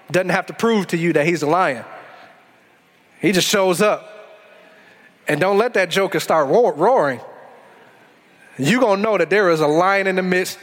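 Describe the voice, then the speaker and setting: A pastor with a high voice preaches to his congregation in a church sanctuary. He slows down on key phrases and then surges forward in quick bursts. His voice rings out with a long hall echo. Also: fairly bright tone. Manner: preaching with dramatic slow-downs and bursts. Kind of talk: sermon.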